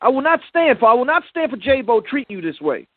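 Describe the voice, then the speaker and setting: High-pitched man, brash slangy caller, dry close sound, tinny phone line. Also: big pitch swings, a little fast, breathy edge, no echo. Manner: brash, slangy, boastful tough talk.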